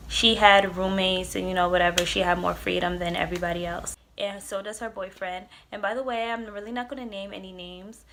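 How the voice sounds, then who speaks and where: A woman's voice: mid-range voice, a little hiss or hum. A young adult woman casually telling a personal story, chatty and loose, swearing freely and filling her talk with "like" and "um". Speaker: vlogger.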